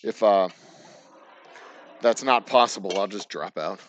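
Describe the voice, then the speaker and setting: In a distillery workroom, a middle-aged Texan man rambles through stories on a casual live stream as he works, swearing freely and laughing often. His voice is fairly low and a little slow, and the audio is dull with slight background noise.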